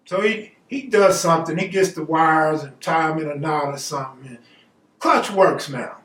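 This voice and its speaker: A man with a fairly high voice tells a personal story casually, full of slang and quoted back-and-forth. He sits back from the mic. The room adds a noticeable echo. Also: normal speed, fairly bright tone, distant mic. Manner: laid-back, slangy, acts out quoted dialogue. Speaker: storyteller host.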